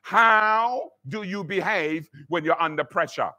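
A man's voice: high voice, a little slow, bright, forceful tone. A man preaching a sermon as pastor, telling a story and acting out the voices in it, with many repeated words. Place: church.

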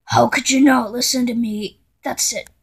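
A woman voicing a quick-tempered female computer error that scolds the user, threatening and stammering as she goes. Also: fairly high pitch, steady tone, vocal fry, a little hiss or hum. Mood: angry scolding.

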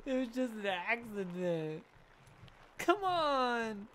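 Slow-talking man joking through a game. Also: a little high, very animated. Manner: jokey, talks to the game, sudden exclamations. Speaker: let's play gamer. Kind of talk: casual gameplay commentary.

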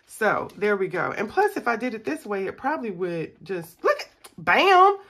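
A young woman talks casually to her viewers, counting dollars out loud as she goes. Her voice is bright and clear, with a mid-range pitch. She comes across as chatty and animated, often breaking off to address the audience directly. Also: moderate pace, slight background noise. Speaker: budgeting vlogger. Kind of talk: casual chat to viewers while scratching off savings.

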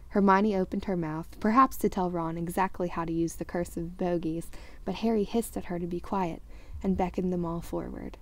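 A woman reading a children's novel aloud, switching into expressive character voices. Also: on the low side, gravelly. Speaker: audiobook reader.

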